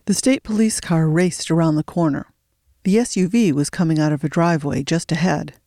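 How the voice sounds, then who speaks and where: A narrator reading a thriller audiobook in a steady storytelling voice, slowing for suspense. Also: mid-range voice, no echo, clean studio sound.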